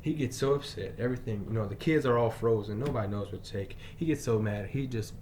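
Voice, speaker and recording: A male teacher telling a personal story in an emphatic way, moving between loud bursts and quiet asides. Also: lowish voice, quick pace, slight background noise. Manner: frequent fillers and restarts.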